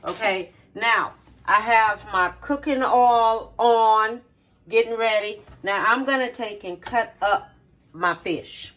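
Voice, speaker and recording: A woman's voice: on the high side, takes it slowly, a bit bright. A middle-aged woman in her home kitchen, showing how she cooks in a homey, repetitive way and checking in with "okay?". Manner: homey, repeats steps, checks in with 'okay?'. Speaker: home cook and channel host. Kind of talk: casual cooking demonstration.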